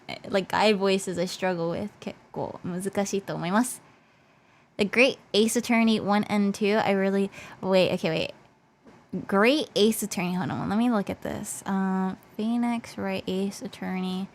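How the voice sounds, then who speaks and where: A woman's voice: mid-range voice, gravelly. A woman streaming as a VTuber in casual chat, bubbly and talkative, her voice worn and fading. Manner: bubbly and chatty, switching between English and Japanese.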